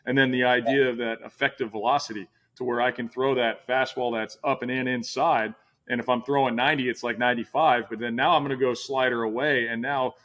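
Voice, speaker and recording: A man's voice: mid-range voice, steady tone, fairly quick, a bit bright. Rambling man hosting a casual chat. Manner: rambling, many restarts and fillers. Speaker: podcast host.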